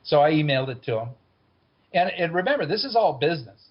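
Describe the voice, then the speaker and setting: A man's voice: a little high, big pitch swings, fast talker. A man telling a personal story in a wry, conversational way. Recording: dull lo-fi recording.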